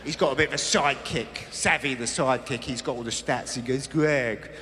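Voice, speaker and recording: A man's voice: mid-range voice, a little fast, bright, forceful tone. A male stand-up comedian with a British accent telling stories in a wry style during a routine. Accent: British English. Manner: wry storytelling. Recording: live stand-up in a large hall.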